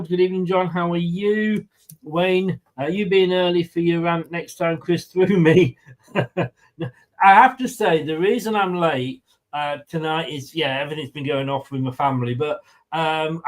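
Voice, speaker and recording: A man hosting a casual fan live stream. He chats loosely with plenty of fillers and reads viewer comments aloud, his voice sitting a little high. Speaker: fan channel co-host.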